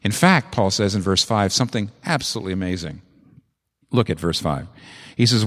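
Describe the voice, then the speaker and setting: A man preaching a sermon with an animated, emphatic delivery, repeating phrases for effect. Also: on the low side, moderate pace, in a large hall.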